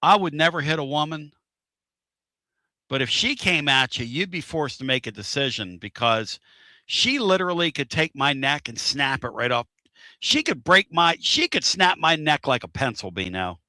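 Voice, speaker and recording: A man's voice: a little high, very animated, normal speed, bright, forceful tone, no echo, studio quality. A man hosting a casual live-stream talk show, talking in a rambling, folksy way and repeating himself. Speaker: show host.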